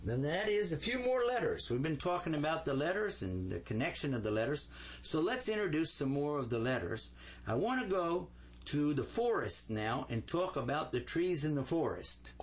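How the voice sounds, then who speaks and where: A man teaching Arabic letters to a class, sounding out each letter slowly and playfully. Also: on the high side, big pitch swings.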